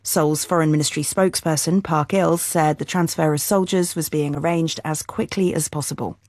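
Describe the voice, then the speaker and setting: A woman newsreader delivering a radio bulletin in a crisp, formal way. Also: deep voice, steady tone, moderate pace, darkish tone, no echo, studio quality.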